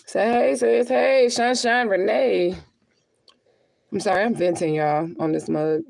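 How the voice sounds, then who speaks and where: A woman's voice: mid-range voice, measured pace, vocal fry, a little mellow. A young adult woman, a spiritual reader, venting candidly on a livestream, cursing freely and laughing often.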